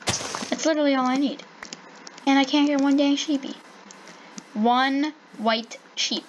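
A woman giving playful, excitable commentary while playing a survival game, calling out to animals in sing-song baby talk. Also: high voice, a little slow, pauses often, muffled recording, background noise. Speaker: gaming channel host.

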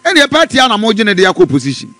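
Male radio panelist: high, lively voice, halting and stuttering delivery, dry studio sound. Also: no room sound. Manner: halting, stutters, many short interjections. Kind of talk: political radio discussion.

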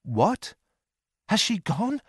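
A man's voice: fairly high pitch, measured pace, clear, resonant tone, no echo, studio quality, voice pushed up, natural voice. A man voicing the storybook's young hero, who cries out in anguish when he learns his love has left. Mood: distraught. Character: young man crying out in grief.

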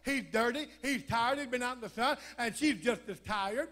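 A man preacher telling a lively, joking story in a humorous sermon at church. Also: extremely high pitch, moderate pace.

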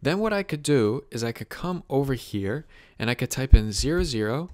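Male tutorial host, easygoing step-by-step explainer, average pitch, dry close sound. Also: a little fast, no echo. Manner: relaxed, chatty step-by-step explaining. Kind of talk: casual software walkthrough.

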